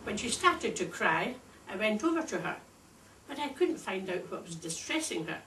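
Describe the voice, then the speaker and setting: A woman's voice: medium pitch, big pitch swings, a bit bright. Older scottish lady doing a dry funny club speech, echoey room, mic kinda far off. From Scotland. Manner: wry, measured, deliberate delivery. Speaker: speakers club contestant. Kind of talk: prepared humorous speech. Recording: echoey room, distant mic, faint hiss.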